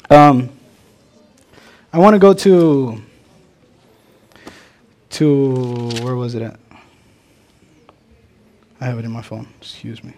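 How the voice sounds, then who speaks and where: A man's voice: mid-range voice, animated, slow, pauses often, dark tone, a little hiss or hum. Chatty man preaching a casual sermon. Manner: chatty, keeps asking "right?", acts out little dialogues.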